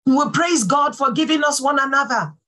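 A woman pastor giving a sermon, fervent and full of praise exclamations, swinging from soft talk to calling out. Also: high voice, normal speed, rough recording.

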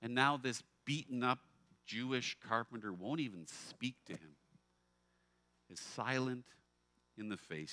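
Bright-voiced male pastor preaching. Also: medium pitch, measured pace, pauses often, dry recording. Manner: expressive, with emphatic rhetorical questions. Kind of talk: sermon. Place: church.

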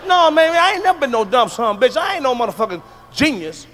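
A middle-aged man from the United States doing a loud, profane stand-up comedy routine on stage, telling punchy stories. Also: very high voice, big pitch swings, fast, slight background noise. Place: stage before a live audience.

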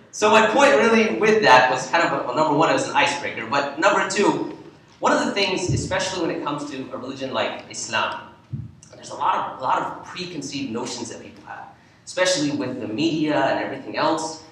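A man, an imam, gives a talk in a church, telling an animated story to warm up the audience. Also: on the high side, brisk, a little hiss or hum. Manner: animated storyteller, lively when quoting. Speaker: imam giving a presentation. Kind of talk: lecture with storytelling. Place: church hall. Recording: echoey hall, from far off.

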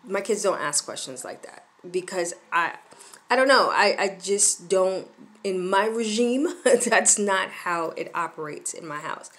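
A woman's voice: mid-range voice, animated, measured pace, fairly bright tone. A middle-aged woman giving parenting advice in casual talk to the camera, firm and emphatic, and she repeats her points.

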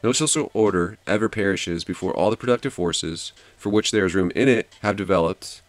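A man's voice: low-pitched, a little fast, no room sound. A man hosting a study channel, summarizing and explaining a history book in a casual way, thinking aloud with fillers and restarts. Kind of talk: casual study-guide commentary.

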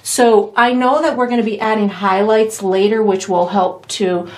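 A woman's voice: medium pitch, fairly even intonation, moderate pace. A woman teaching a step-by-step painting tutorial in an easygoing, chatty way, with light laughs and fillers. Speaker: painting instructor.

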